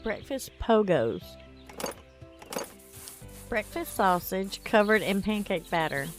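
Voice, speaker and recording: A woman's voice: mid-range voice, lively intonation, takes it slowly, faint music behind. A tired woman streaming a game, chatting casually and reading viewer comments aloud. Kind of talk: casual gameplay stream chat.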